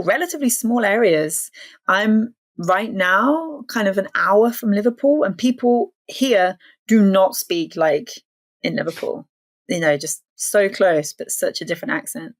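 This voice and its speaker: A woman's voice: mid-range voice, expressive, unhurried, no echo. A woman from the English Midlands with an English accent, a language consultant chatting as an interview guest and laughing easily. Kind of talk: casual interview chat.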